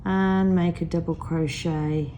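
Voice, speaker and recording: A woman teaching crochet step by step, croaky from a cold, counting stitches aloud in a patient way. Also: lowish voice, fairly even intonation, takes it slowly, mellow, slight background noise. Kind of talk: step-by-step craft tutorial.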